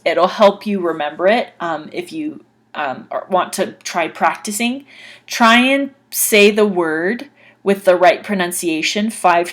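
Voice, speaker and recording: Woman, English teacher, slow delivery, careful explanation, repeats example words. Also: mid-range voice. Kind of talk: online grammar lesson.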